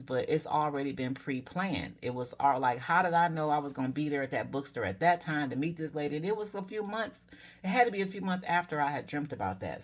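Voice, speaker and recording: A woman in her forties telling personal spiritual stories to her viewers in a casual, earnest way, often correcting herself mid-story and giving encouraging advice. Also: low voice. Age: 40s. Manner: encouraging advice to fellow dreamers. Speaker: spiritual vlogger.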